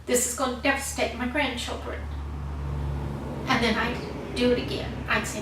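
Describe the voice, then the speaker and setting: Older woman, personal life story, heartfelt, slightly high voice, booming room echo. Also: little pitch movement, a little fast. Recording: echoey room, voice from far off, faint noise.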